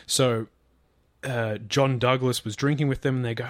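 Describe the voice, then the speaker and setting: A man's voice: mid-range voice, flat delivery, normal speed, no room sound. Rambling man telling a story, dry sound. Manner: rambling, lots of fillers, swearing, acts out quotes. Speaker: podcast co-host. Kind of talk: casual storytelling chat.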